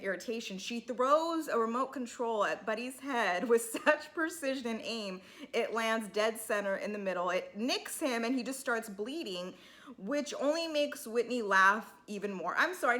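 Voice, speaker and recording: Bright-voiced chatty woman recapping TV. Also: fairly high pitch. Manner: chatty, opinionated, sarcastic. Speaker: TV recap vlogger. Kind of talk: casual recap commentary.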